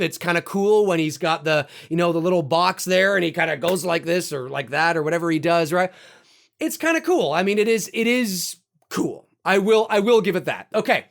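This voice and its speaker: A man with a high, gravelly voice talks casually to camera. He is animated and excitable, tossing in swear words and acting out bits with sudden loud bursts. His tone stays bright and forceful. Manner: animated, swears freely, acts out quotes with loud outbursts. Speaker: YouTube host ranking horror kills.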